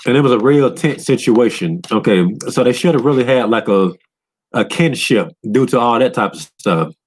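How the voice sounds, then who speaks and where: A man in a loose, profane rant recapping a video game, often breaking into higher voices to quote characters. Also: animated, normal speed. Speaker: gaming commentator.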